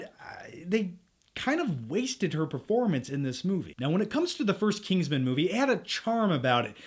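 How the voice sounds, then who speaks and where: A young man hosting a casual to-camera film review, chatty and jokey with quick asides. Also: sits high. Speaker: movie reviewer, channel host.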